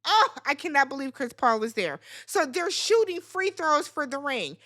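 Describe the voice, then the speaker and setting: A woman's voice: high-pitched, sing-song, normal speed, bright, forceful tone. A woman giving a blunt, sassy, profane recap of a reality TV reunion, talking straight at the cast. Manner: talks straight to the people on the show. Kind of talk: opinionated show recap.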